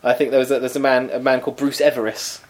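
A man in casual podcast chat, talkative and quick to laugh, with mock-indignant asides. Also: medium pitch, flat delivery. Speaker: podcast co-host.

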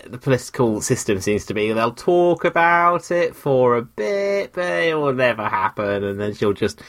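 A man's voice: medium pitch, big pitch swings, normal speed. Wry man joking on a podcast. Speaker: podcast co-host. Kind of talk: casual political chat.

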